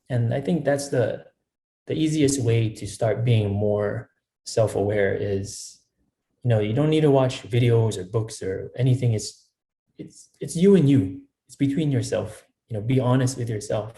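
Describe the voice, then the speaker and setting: A man's voice: mid-range voice, moderate pace, dark tone. A man guesting on a podcast, giving earnest advice and often repeating himself with "you know" asides. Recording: echoey room.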